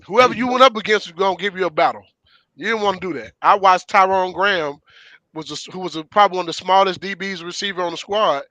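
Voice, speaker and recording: A middle-aged man tells stories in a bright, forceful voice. He talks with emphasis and conviction, and his voice sits on the higher side. The recording is close and dry. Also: no room sound, low-quality recording. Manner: storytelling, emphatic, laughs often. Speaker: former player and show regular. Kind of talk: casual sports talk.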